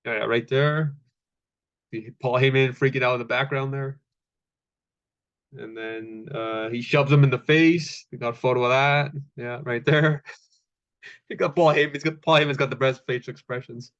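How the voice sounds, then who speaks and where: A man's voice: mid-range voice, fairly even intonation, moderate pace, fairly bright tone, lo-fi sound. Laid-back swearing man recapping wrestling. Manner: laid-back, swears freely, many fillers, acts out quotes. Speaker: wrestling show reviewer. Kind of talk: casual recap chat.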